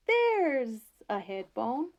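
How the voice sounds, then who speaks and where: A woman voicing a fearless young country woman, brisk and matter-of-fact. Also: sits high, sing-song, lo-fi sound, voice pushed up, heavily acted.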